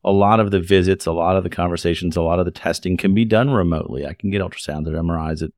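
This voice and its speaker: A man who hosts a podcast and works as an OB-GYN physician, talking in a measured, reflective way. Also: deep voice, steady tone, darkish tone, dry recording, studio quality. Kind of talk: casual podcast conversation.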